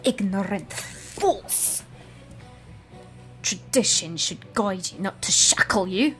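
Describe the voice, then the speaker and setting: A woman's voice: medium pitch, animated, slow, fairly bright tone, soft background music. Woman voicing a fussy, fed-up knight. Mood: haughty, exasperated.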